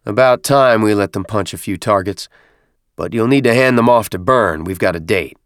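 A man voicing a commanding military captain who shouts on the parade ground but stays friendly and relaxed in conversation. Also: moderate pace, dry recording, clean studio sound, natural voice. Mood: easygoing. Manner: booming parade-ground calls, easy officer's banter.

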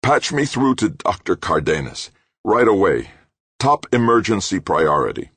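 A man with a low, creaky voice reading an audiobook, voicing an injured man who speaks weakly but urgently. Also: big pitch swings, a little slow, fairly bright tone, no room sound, exaggerated voice. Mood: pained. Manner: weak, strained, urgent.

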